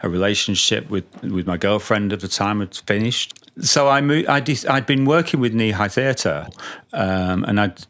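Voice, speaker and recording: A middle-aged man telling stories as a podcast guest, halting with many restarts. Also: fairly low pitch, animated, fairly bright tone. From Britain. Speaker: podcast guest, multi-instrumentalist. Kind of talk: casual storytelling interview.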